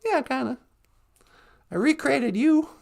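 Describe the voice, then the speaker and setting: A woman's voice: sits high, lively intonation, slow pace, creaky, darkish tone. A woman co-hosting a casual, playful podcast, goofing around and making beeping computer noises. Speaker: podcast co-host.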